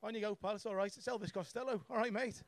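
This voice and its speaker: Brash, sweary comedian. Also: male voice, sits high, fairly even intonation, fast talker. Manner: brash, sweary, laughs at own jokes. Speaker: stand-up comedian. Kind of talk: stand-up set. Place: comedy club stage.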